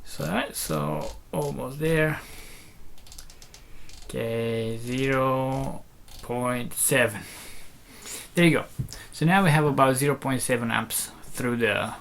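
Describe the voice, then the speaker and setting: A gravelly, slightly bright, medium-pitched male voice, expressive and slow, comes with a little hiss or hum. The speaker, a loudspeaker maker, casually demonstrates a driver, explaining step by step in a hesitant manner with many fillers and restarts.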